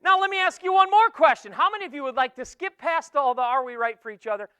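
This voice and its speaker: Animated, playful man with a bright high voice. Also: fast talker, dry recording. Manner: animated, jokey, audience-teasing, swings from loud to hushed. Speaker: keynote speaker. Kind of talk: energetic motivational keynote talk. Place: conference hall with a student audience.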